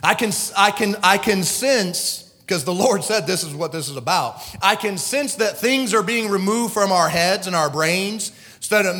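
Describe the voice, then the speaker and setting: Middle-aged male pastor, high animated voice, emotional pulpit delivery, church hall reverb. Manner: emotional, swings from shouting to hushed. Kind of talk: sermon. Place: church sanctuary.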